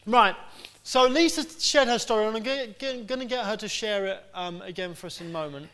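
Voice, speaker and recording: A man's voice: high voice, brisk, bright, forceful tone, clean tone. A middle-aged man preaching a sermon as pastor, chatty and anecdotal with plenty of fillers and restarts.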